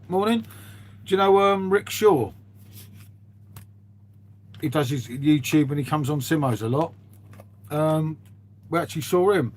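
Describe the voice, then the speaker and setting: Rambling bloke chatting to viewers. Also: male voice, fairly high pitch, slight background noise. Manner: rambling, calls everyone "mate". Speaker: livestream host. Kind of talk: casual chat with live viewers.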